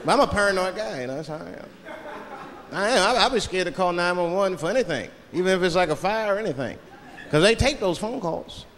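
A man performing a stand-up comedy routine, animated and acting out characters. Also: high-pitched, fast talker. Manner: animated, acts out characters and voices. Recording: live club recording with loud crowd, long reverb. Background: audience laughter.

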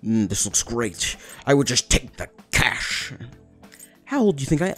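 A young man giving excitable, jokey commentary over a video game, breaking into yelled bursts. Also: mid-range voice, moderate pace, faint music behind. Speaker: gaming YouTuber.

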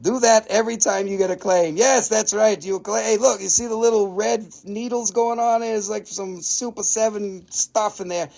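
Excitable high-pitched gravelly man. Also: normal speed, hardly any pauses. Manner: excitable, swears freely, laughs often; non-native English grammar. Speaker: host selling crystals on a live stream. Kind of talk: casual live sales chat.

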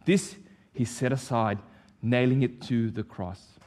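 A pastor delivering an impassioned sermon, repeating declarations with rising force. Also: male voice, medium pitch, steady tone, takes it slowly, darkish tone. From Vietnam.

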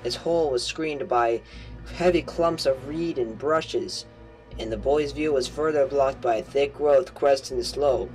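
A man's voice: medium pitch, unhurried, a little mellow, low-quality recording. A man reading a novel aloud as an amateur audiobook, stumbling and correcting himself as he goes. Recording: home recording with faint music.

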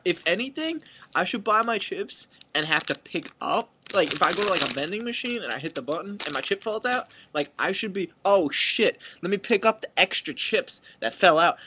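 A man's voice: a little high, bright, forceful tone. A young man vlogging a mock-angry comic rant to camera, exaggerated and sweary.

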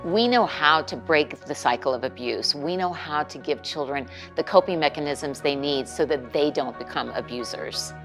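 Earnest low-voiced woman, soft music behind. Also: moderate pace, hardly any pauses. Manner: earnest, explanatory. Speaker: charity staff member. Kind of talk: interview testimony.

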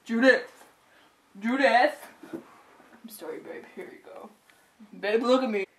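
Amateur comedy sketch: an actor playing a volatile, remorseful young man who pleads and bursts out, drawn-out delivery, heard from afar. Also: medium pitch, recorded from a distance, slight background noise, close to an everyday voice, rough recording. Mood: pleading. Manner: pleading, repeats names, erupts into shouting. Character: hot-headed young man, clingy and remorseful. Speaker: student actor in a class skit.

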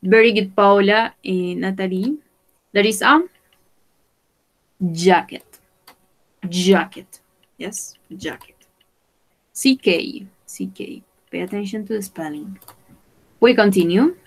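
A woman's voice: mid-range voice, a little slow, pauses often, low-quality recording. A woman teaching English vocabulary in an online class, repeating each word patiently for her students and switching into Spanish to explain.

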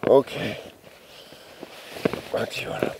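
A man's voice: slow pace, darkish tone, a little hiss or hum, rough recording. A man vlogging while camping outdoors, talking in playful, cooing baby talk to his dogs in the morning.

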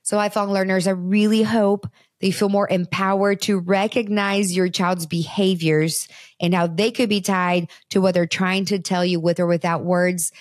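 A woman's voice: medium pitch, flat delivery, normal speed, dry recording, studio quality. Earnest woman giving parenting advice. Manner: earnest, conversational, addresses listeners directly. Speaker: podcast host.

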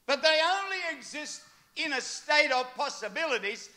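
Older man, pastor, sermon, high voice, animated storytelling. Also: normal speed. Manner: animated storytelling with acted quotes.

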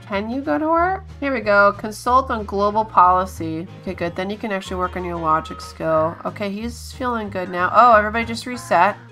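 A woman giving casual let's-play commentary, chatting to her game characters, coaxing and scolding them with sudden excited exclamations. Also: mid-range voice, brisk, soft background music. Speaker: gaming channel host.

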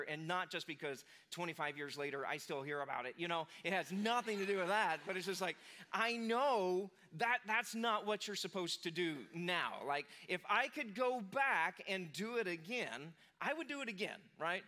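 A man's voice: high voice, expressive, moderate pace, sharp tone. A man in his forties, a pastor, giving a casual, self-deprecating sermon told as a personal story. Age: 40s.

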